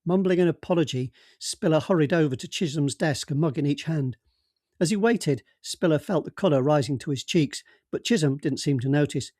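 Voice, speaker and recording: A man reads a police thriller aloud as narrator, with a steady, even delivery. His voice sits fairly high for a man. The sound is dry and close, with no room echo. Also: brisk. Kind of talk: audiobook reading of a novel.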